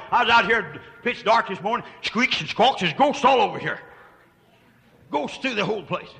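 An older preacher delivers a folksy sermon, his voice high and piercingly bright. He swings from hollered shouts down to hushed murmurs. The sound rings with the long reverb of a church hall. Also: expressive, moderate pace, gravelly.

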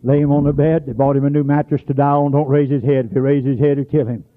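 A man preaching a sermon, telling stories in a folksy way and breaking into shouts. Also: medium pitch, flat delivery, quick pace. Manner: folksy storytelling, bursts into shouts. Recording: tinny phone-like radio recording.

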